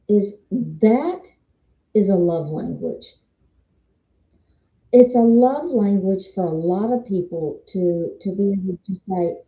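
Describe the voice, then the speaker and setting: An older woman with a Southern accent giving a rambling, testimony-style faith talk and quoting scripture. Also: mid-range voice. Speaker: faith vlogger and meeting moderator. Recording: roomy, dull lo-fi sound.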